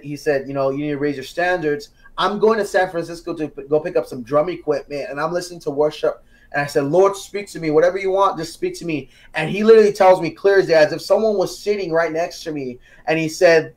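Earnest young man telling his story. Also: on the high side. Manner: earnest, grows animated and excited when telling the climax; repetitive, storytelling with quoted dialogue. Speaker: podcast guest. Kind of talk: casual testimony.

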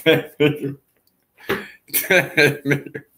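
A man's voice: fairly high pitch, fairly even intonation, slow, pushed and bright, slight background noise. A man hosting a stream and mockingly roasting someone, with scornful insults and laughter at his own jokes.

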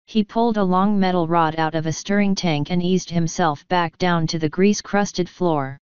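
A woman reading a fantasy novel aloud in a slow, even storytelling manner. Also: lowish voice, clear, resonant tone, dry recording, muffled recording. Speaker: audiobook reader. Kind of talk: scripted narration.

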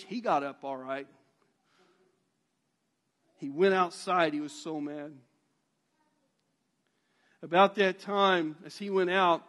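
A man's voice: on the high side, a bit bright. A male pastor retelling a Bible story in a sermon, animatedly acting out the characters' voices.

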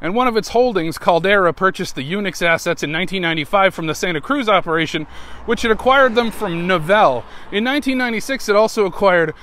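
A man's voice: high-pitched, lively intonation, quick pace, a bit bright. A man hosting a podcast while out on a walk, talking into his phone in a rambling, joking monologue with self-mocking asides. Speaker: podcast host. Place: outdoors on a walk.

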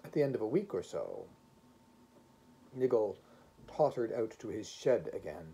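Man narrating a story, expressive measured reading, mellow tone, husky voice, wide-ranging pitch. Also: rough recording. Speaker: reader. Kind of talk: audiobook narration of a short story.

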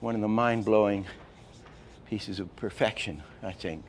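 An older man teaching animation, telling stories in a lively way and acting out example lines, with many restarts. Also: lowish voice, a little slow, a little hiss or hum. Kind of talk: lecture with acted-out examples.

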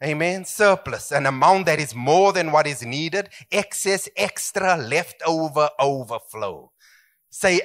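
A man's voice: on the high side, animated, a little slow, a bit bright. A middle-aged man preaching a sermon as pastor, emphatic and swooping, calling for amens.

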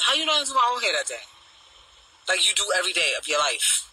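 A middle-aged woman with a deep voice, ranting bluntly and profanely on a talk show panel, firing off mocking repeated questions. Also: big pitch swings, fast, bright, forceful tone, slightly rough, rough recording. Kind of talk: casual chat, ranting.

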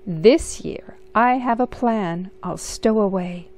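A woman's voice: mid-range voice, slow, darkish tone, lightly acted. A woman voicing a curious, determined young girl in a storybook reading, with an eager, insistent manner.

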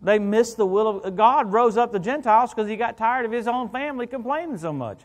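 A middle-aged man preaching an evangelical sermon as a guest minister, animated and joking, often calling out "hallelujah" and "come on". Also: extremely high pitch, brisk.

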